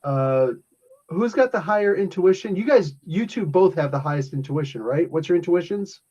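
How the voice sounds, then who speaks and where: A man from New Jersey runs a tabletop game as game master, rambling and chuckling through his narration. His voice sits a little high yet sounds dark and mellow. The recording is dull and lo-fi. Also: animated, moderate pace, slightly rough.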